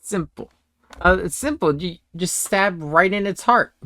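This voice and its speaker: A man's voice: sits high, unhurried, pushed and bright, no room sound, pitched above the performer's own voice. Man doing eager greenhorn hero lad, boastful, dry sound. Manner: boastful, overconfident. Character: eager naive young male adventurer. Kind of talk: tabletop role-play in character.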